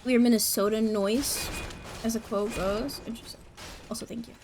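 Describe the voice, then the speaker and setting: A woman's voice: a little high, steady tone, moderate pace, noisy background. A young woman streaming a game, chatting casually, giggling and reacting to chat as she plays. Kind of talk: casual gameplay commentary.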